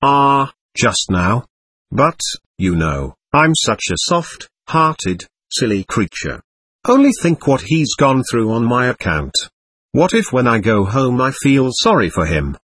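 A man voicing a sly, coquettish young woman who speaks in a soft, even, sugary drawl in an audiobook reading. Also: medium pitch, takes it slowly, breathy edge, heavily acted. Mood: playful.

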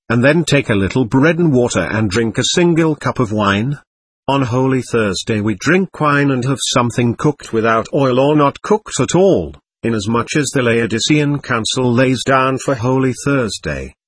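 A man's voice: mid-range voice, husky, dry recording, natural voice. A man voicing a timid, deferential visiting monk in an audiobook reading. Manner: deferential, earnest questioning.

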